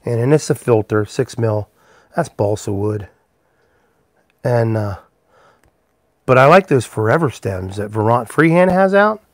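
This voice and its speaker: On a casual stream from his workshop, a pipe maker speaks at a medium pitch with animated delivery but a measured pace and long pauses. He rambles easily while working and greets viewers by name, in a dry recording.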